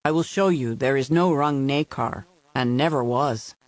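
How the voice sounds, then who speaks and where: A man voicing a humble, soft-spoken male caretaker who answers courteously and formally. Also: medium pitch, moderate pace, dry recording, natural voice. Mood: polite.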